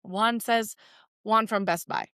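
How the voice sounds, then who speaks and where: A woman co-hosting a podcast in casual chat, telling stories with lively acted-out quotes and casual swearing. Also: medium pitch, takes it slowly, clean tone, dry recording, clean studio sound. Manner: animated storyteller who acts out quoted voices. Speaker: podcast co-host.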